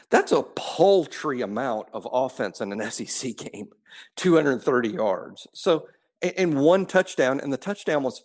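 Man, podcast co-host, casual rambling football talk, mid-pitched voice, often cuts himself off. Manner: rambling, self-interrupting. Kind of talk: casual sports chat.

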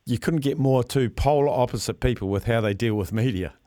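A chatty, amused man hosts a talkback radio show. His voice has an ordinary mid pitch and a relaxed, casual delivery. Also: a little fast, no room sound, studio quality. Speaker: radio host.

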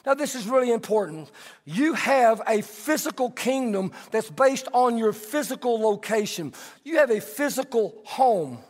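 A man in middle age preaches with a strikingly high-pitched voice, moving between teaching and lively storytelling. His words ring out with a long echo in a large church hall. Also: measured pace. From Texas. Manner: animated storytelling, conversational preaching. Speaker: pastor. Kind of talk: sermon.

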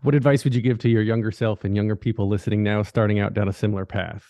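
A male interview host with a lowish, soft-spoken voice. He puts his wrap-up questions calmly and plainly. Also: quick pace, dry recording, clean studio sound. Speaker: podcast host.

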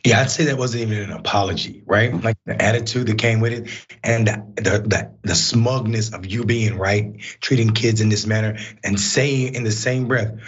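A male guest host speaks in a husky, mid-pitched voice. He talks in a measured, deliberate way as he comments on the news. The sound is dull and lo-fi. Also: steady tone.

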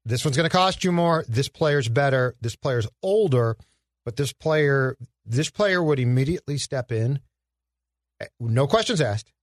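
A man's voice: medium pitch, animated, measured pace, dry recording, clean studio sound. A man co-hosting a casual sports podcast, laying out a trade and quizzing his partner with playful teasing. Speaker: podcast co-host.

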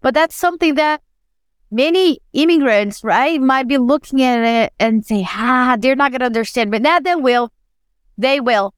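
A woman who is not a native English speaker, co-hosting a podcast and telling stories in an animated, self-deprecating way. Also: sits high, a little slow, smooth, dry recording, clean studio sound. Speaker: podcast co-host. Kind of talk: casual podcast conversation.

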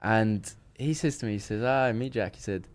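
A man's voice: on the low side, normal speed. A man, a podcast guest, telling a story in casual chat and acting out the dialogue as he goes. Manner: animated, acts out quoted dialogue, frequent restarts.

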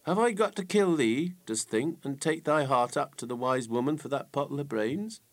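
Storybook fool, young and simple, weepy and pleading, pitched well up, read by a male narrator. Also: animated, moderate pace, natural voice. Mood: eager. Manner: sobbing, pleading, rustic dialect speech. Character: grieving simple-minded young man, weepy, bewildered.

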